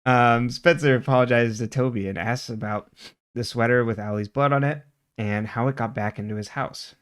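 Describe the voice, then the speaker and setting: Male podcast co-host, mid-pitch, chatty recap delivery with quick laughs. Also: clean tone. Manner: animated retelling, quoting characters, laughs often. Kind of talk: casual recap chat.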